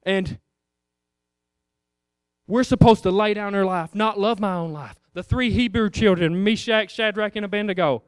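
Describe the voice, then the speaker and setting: A man's voice: sits high, normal speed, smooth, no room sound, studio quality. A man preaching an informal sermon in a conversational way, firing rhetorical questions at the congregation.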